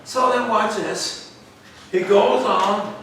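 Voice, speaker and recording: Bible study teacher in an echoey church room. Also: male voice, sits high, slow, a bit bright. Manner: call-and-response questioning, repetitive emphasis. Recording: echoey room, far from mic, faint noise.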